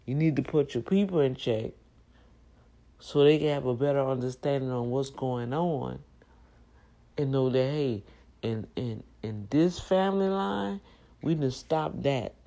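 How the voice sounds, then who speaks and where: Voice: medium pitch, a little slow, vocal fry, warm tone, rough recording. A middle-aged host talking in a casual monologue, emphatic and preachy, repeating key phrases.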